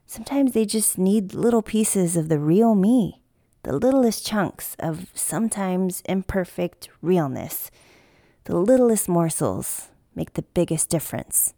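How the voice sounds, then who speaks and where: A woman's voice: on the low side, lively intonation, measured pace, mellow, no room sound. A woman in her thirties hosting a podcast, telling a candid personal story in an earnest, reflective way. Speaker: podcast host.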